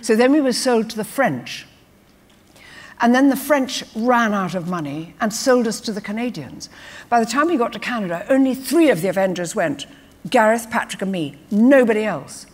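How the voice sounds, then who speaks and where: An older woman, an actress, telling lively anecdotes on stage and acting out quotes. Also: a little high, moderate pace. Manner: lively storyteller who acts out quotes. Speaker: guest actress. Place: festival stage before an audience. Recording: reverberant live hall.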